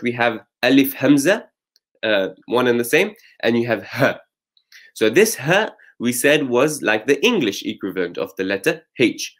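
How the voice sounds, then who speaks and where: A man hosting and teaching, casually summarizing recitation lessons with frequent fillers and restarts. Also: mid-range voice. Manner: explains patiently with many fillers and restarts. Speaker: host and Quran recitation teacher.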